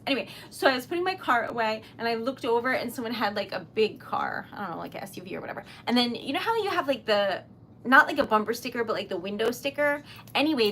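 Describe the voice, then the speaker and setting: A young woman chats on a live stream in a light, slightly raised voice. She talks loosely and emotionally, full of "um"s and "like"s and quick giggles. A faint hiss of background noise sits under her voice. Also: a little high, a bit bright. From Rhode Island, US. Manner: chatty, giggly, emotional, many fillers. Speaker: livestreaming small-business owner. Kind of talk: casual live-stream chat while crafting.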